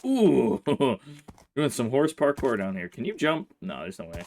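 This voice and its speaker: A man's voice: medium pitch, very animated, moderate pace, darkish tone. A man hosting a casual let's play, commenting on his gameplay and grumbling in exasperation at his in-game horse.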